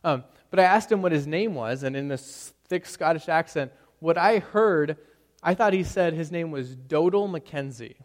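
Young guy preaching, kinda high voice, chatty storyteller, big echoey church hall. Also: animated, normal speed. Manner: storytelling, conversational with frequent "right?" asides. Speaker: pastor. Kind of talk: sermon.

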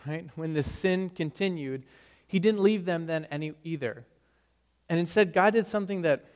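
Earnest preaching man in a reverberant hall. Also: a little high. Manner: earnest, rising and falling emphasis, occasional stumbles. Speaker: pastor. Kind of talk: sermon.

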